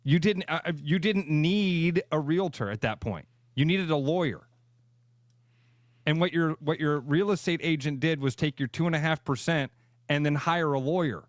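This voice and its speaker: Emphatic fast-talking radio co-host man. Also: a little high, no room sound, clean studio sound. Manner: animated, emphatic, repeats phrases for emphasis. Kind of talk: casual sports radio chat.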